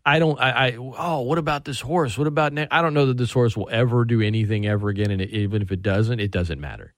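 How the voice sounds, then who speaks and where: A man hosting sports talk radio, excitable and animated, often restarting his sentences. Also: mid-range voice, fast talker, dry recording, clean studio sound.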